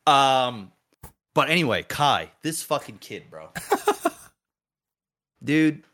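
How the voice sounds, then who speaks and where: A man co-hosting a podcast, telling a home story in casual chat, animated and full of swearing and laughs. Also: medium pitch, drawn-out words. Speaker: podcast co-host.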